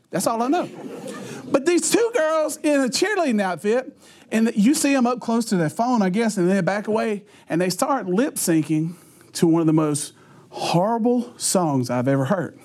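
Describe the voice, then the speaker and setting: A middle-aged man speaks to a youth group in a high voice that swoops up and down with a lot of life. He keeps laughing through his own lines and acts out the quotes in his stories, as if chatting with the teens. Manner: laughs often mid-sentence, animated, acts out quotes. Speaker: youth pastor. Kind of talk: humorous storytelling talk to teenagers.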